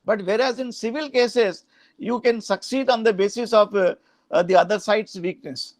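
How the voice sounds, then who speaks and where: A man's voice: sits high, normal speed, no echo. A middle-aged Indian man teaching a law class, explaining procedure with frequent "huh?" checks and Hindi asides. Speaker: law professor.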